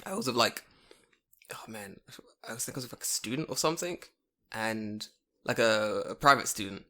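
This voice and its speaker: A man's voice: medium pitch, a little fast. A man co-hosting a podcast, telling stories in casual, profane chat and acting out the voices. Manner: animated, swears a lot, acts out voices. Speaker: podcast co-host.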